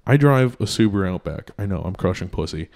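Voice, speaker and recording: A man's voice: low voice, animated, fast, darkish tone. A young man hosting a casual comedy podcast, crude and joking, laughing often. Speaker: podcast host.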